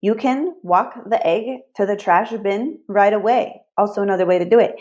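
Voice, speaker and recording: A woman's voice: medium pitch, moderate pace, a little mellow, lo-fi sound. A woman money mindset coach, a podcast guest, who explains her ideas earnestly and often says "like". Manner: earnest explaining, many "like" fillers.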